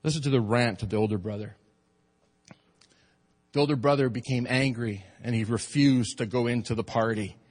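A man's voice: medium pitch, normal speed, pauses often. A man preaching a sermon as pastor, talking conversationally to his congregation and building to emphatic peaks, with joking asides. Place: church sanctuary. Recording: long reverb of a large hall.

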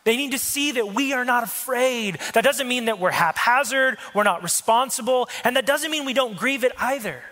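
Male preacher, high and bright voice, chatty sermon with crowd asides, reverberant church hall. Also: expressive, moderate pace, hardly any pauses. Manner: conversational preaching with asides to the congregation. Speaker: pastor.

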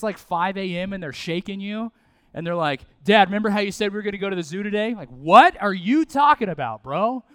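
A man, preaching a sermon in a conversational, animated way with asides and repetition. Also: high voice, clean tone, no room sound. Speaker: pastor.

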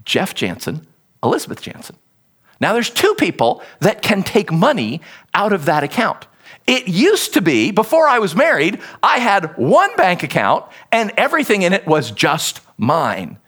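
A middle-aged man preaching a sermon in an animated, conversational way, acting out quotes as he explains a text. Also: high-pitched, normal speed, husky. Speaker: pastor.

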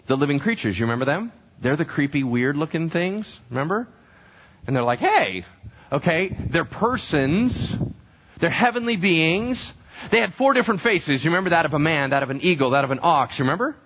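A man's voice: a little high, very animated, fairly quick, husky, muffled recording. A male pastor preaching a sermon, who keeps asking the congregation questions and then answers them himself. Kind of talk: sermon teaching from scripture.

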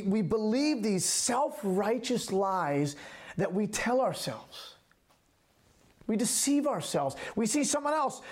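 A high-voiced man preaches a sermon as a pastor, speaking emphatically, repeating key phrases and asking rhetorical questions.

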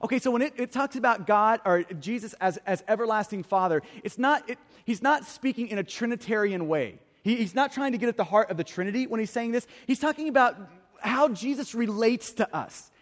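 A man's voice: high voice, animated, a little fast, long reverb tail. A man preaching a sermon as pastor, earnest, often repeating the first word of a phrase. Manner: earnest, repeats words when starting phrases. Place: church hall.

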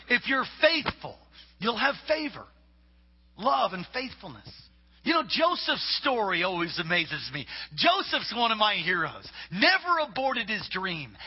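A man preaching a sermon, reading scripture and building to loud shouted points. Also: high-pitched, slightly rough. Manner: preaching with rising shouts and acted-out quotes. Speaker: pastor. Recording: echoey hall, dull lo-fi sound.

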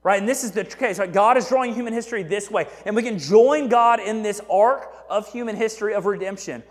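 A man preaching as a pastor in a casual, animated sermon who often checks in with "right?". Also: high voice, a little fast. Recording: echoey hall reverb.

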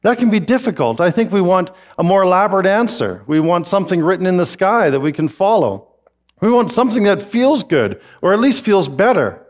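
A man preaching a sermon, animated and joking with the congregation. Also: sits high, fairly quick. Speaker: pastor.

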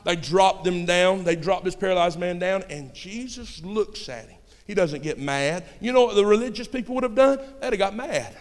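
A man preaching a sermon with folksy turns of phrase, swinging between shouting and hushed storytelling. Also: sits high, normal speed, hardly any pauses. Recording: long hall reverb.

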